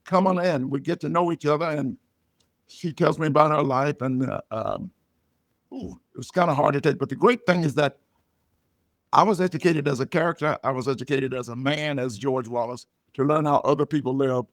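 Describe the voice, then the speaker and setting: An older man, a comedian guest, telling stories and jokes in a loud, punchy way. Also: fairly high pitch, a little fast, dry recording, clean studio sound. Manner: loud punchy joke delivery, animated storytelling. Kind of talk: storytelling comedy chat.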